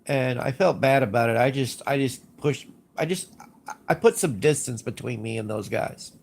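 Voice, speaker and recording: A man's voice: medium pitch, moderate pace, gravelly, husky. A man with a stuffy nose casually chatting on a livestream, rambling, repeating himself and giving blunt opinions. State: congested sinuses. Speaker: livestream host. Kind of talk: casual livestream chat, reading chat.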